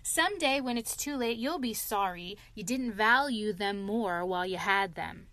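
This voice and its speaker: A woman's voice: medium pitch, animated, unhurried, a bit bright, no echo. A woman voicing a sensible male water rat who lectures earnestly and reproachfully in a read-aloud story.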